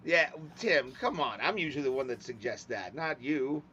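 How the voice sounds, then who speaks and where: A man's voice: mid-range voice, lively intonation, sharp tone. Joking American man, lo-fi sound. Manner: crude, joking, drawn-out. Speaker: podcast co-host. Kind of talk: casual chat. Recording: dull lo-fi sound with faint noise.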